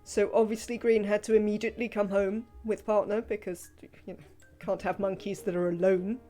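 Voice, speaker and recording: A woman chatting casually while livestreaming a video game, rambling and filling pauses with "um" and "uh". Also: medium pitch, level tone, dark tone, soft background music. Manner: rambling, chatty, frequent fillers. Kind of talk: casual live gameplay commentary.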